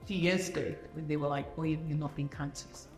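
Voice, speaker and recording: Low-pitched woman hosting an interview, lots of mm-hmms and ums, roomy echo, faint music behind. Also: fairly even intonation, fast talker. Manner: affirming, many fillers and restarts. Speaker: interviewer and event host. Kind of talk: warm conversational interview.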